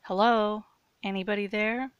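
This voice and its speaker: A woman's voice: fairly high pitch, big pitch swings, normal speed, no room sound, dull audio, pitched above the performer's own voice. A woman playing a nervous young man who protests and stammers in a raised, anxious voice. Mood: uneasy.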